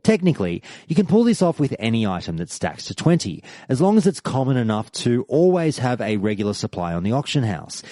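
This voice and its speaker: A man hosting a podcast, reading listener stories aloud with an animated storytelling delivery. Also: mid-range voice, fairly quick, hardly any pauses, no room sound. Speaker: podcast host.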